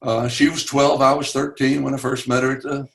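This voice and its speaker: A man's voice: mid-range voice, level tone, gravelly, a bit bright. Older Southern man telling stories. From Chattanooga, Tennessee. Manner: earnest, halting with fillers, voice rises at dramatic moments. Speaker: webinar guest speaker. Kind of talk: personal storytelling.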